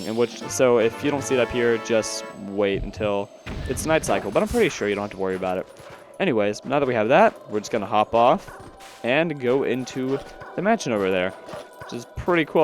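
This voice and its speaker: A man narrates his gameplay after the fact, rambling and self-deprecating with frequent fillers. His pitch moves up and down in a lively way. Faint game music plays beneath his voice. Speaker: let's play commentator. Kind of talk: post-recorded gameplay commentary.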